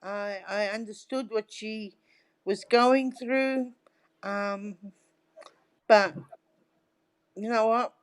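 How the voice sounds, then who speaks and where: A woman's voice: mid-range voice, fairly even intonation, extremely slow, long pauses, smooth. A middle-aged woman talking as a guest in a casual interview, telling stories in a chatty way and often checking in with "right?". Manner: chatty storyteller, tags lines with "right?".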